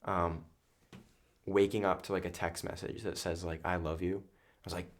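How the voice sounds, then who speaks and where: Deep-voiced young man, earnest and rambling. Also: flat delivery, moderate pace. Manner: earnest, rambling with many fillers. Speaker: podcast guest. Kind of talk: casual chat.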